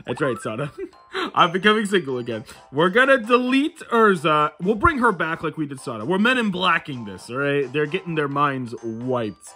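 Young male gamer host, animated and bright, casual self-mocking game commentary. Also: on the high side, normal speed, few pauses, faint music behind. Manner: goofy, rambling, self-mocking. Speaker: channel creator playing a life sim game.

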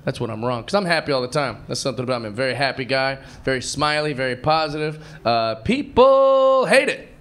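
A man performing stand-up comedy on a club stage, telling stories with animated, mocking voices and a self-assured delivery. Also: medium pitch, a little fast, few pauses. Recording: loud crowd noise, club ambience.

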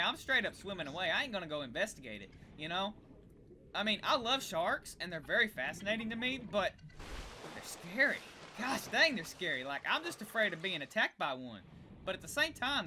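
An excitable young woman narrates her gameplay in a bright, sharp voice that swoops high and low. She gasps and chats to the creatures on screen, with a faint hiss in the background. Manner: excitable, gasping, talks to the creatures. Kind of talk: casual let's-play commentary.

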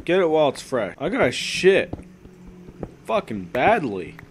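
A young man giving crude, joking commentary while playing a game, swinging from muttered asides to sudden yells. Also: fairly high pitch, very animated, measured pace, a little hiss or hum. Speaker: gaming video creator.

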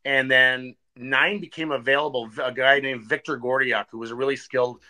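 A man's voice: mid-range voice, fairly even intonation, normal speed, pushed and bright. A man, a podcast guest and former hockey player, recalling his career in an easygoing, matter-of-fact way. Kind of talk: casual podcast interview.

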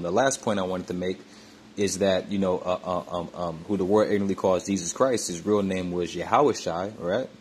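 Deep-voiced man preaching from scripture. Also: darkish tone, slight background noise. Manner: repetitive, frequent "man, all right, okay, you see" tags; halting with many fillers and restarts. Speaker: religious teacher. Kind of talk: scripture teaching monologue.

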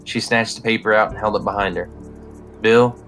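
A man reads a short story aloud in a measured, even storytelling manner. His voice sits on the low side. Faint music plays beneath. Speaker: narrator. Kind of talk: story reading.

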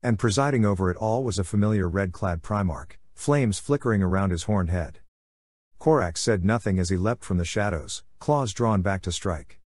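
Guy reading a story out loud, low voice, steady, dry close mic. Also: moderate pace, dry recording. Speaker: narrator. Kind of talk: audiobook narration of fan fiction.

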